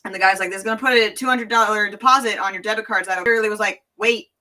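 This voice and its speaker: A woman with a Tennessee accent telling an animated, laughing story as a guest, swearing and voicing the people she quotes. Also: medium pitch, distant mic. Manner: laughing, swearing, quick anecdote with voiced quotes. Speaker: guest entertainer. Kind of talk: animated storytelling in casual chat.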